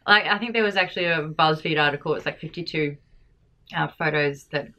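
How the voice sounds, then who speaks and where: Bright-voiced woman co-hosting. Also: low voice, fairly quick. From Australia. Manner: rambling, laughing, loses her words. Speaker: podcast co-host. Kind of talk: casual chat.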